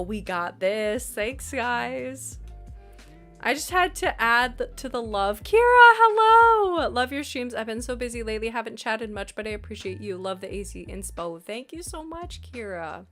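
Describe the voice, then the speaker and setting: A congested woman streamer chatting casually with her viewers in a bubbly, chatty way. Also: fairly high pitch. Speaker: live streamer. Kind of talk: casual live-stream chat reading viewer messages.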